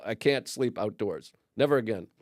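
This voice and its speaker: A man's voice: on the low side, animated, moderate pace, a little mellow, dry recording, clean studio sound. Rambling storyteller man from Boston. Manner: rambling storyteller, swears freely. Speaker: comedian guest. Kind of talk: casual podcast chat.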